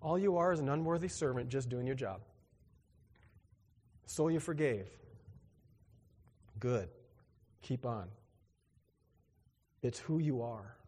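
A man preaching a sermon in an animated, joking way, acting out little dialogues with big swings in his voice. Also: medium pitch, slow, long pauses, breathy edge, big-room sound. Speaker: pastor.

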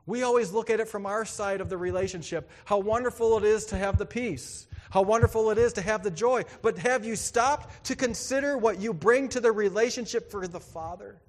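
A male pastor preaching a sermon, swinging between loud exclamations and quiet emphasis and acting out quoted voices. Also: high voice, a little fast, few pauses, long reverb tail.

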